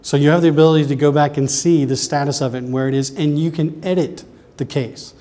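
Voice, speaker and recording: A man with a Southern US accent talks to a room of customers in a loose, chatty way, throwing in quick asides. His voice sits a little higher than most men's. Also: fairly even intonation, mellow. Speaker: presenter. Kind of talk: conference talk.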